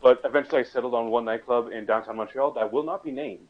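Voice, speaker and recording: A man's voice: mid-range voice, steady tone, quick pace, highs cut off. A young man on a casual podcast chat, telling a story in a joking, rambling way and restarting his sentences. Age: young adult.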